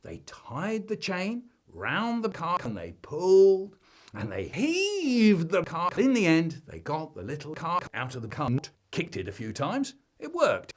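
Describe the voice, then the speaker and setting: A man spins a comic family tale, his husky voice leaping all over the place in pitch. His telling is broad and theatrical, with sudden jumps between hushed asides and loud exclaims. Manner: animated storytelling with big swings in pitch and volume. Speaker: storyteller. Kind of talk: comic family storytelling, chopped into a remix.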